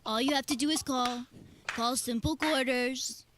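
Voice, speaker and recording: A woman's voice: high voice, fairly even intonation, measured pace, background noise. A woman on a radio show putting on a boastful older male president in a comic impression with a New Jersey twang. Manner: boastful, repetitive, interrupts herself. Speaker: fill-in producer.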